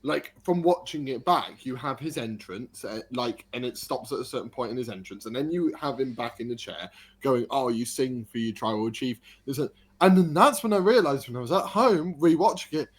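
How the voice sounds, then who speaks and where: Excitable guy on a podcast, just chatting, telling a story. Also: medium pitch, fairly quick, breathy edge. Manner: excited storytelling, animated retelling. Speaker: wrestling podcast co-host. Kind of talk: casual chat.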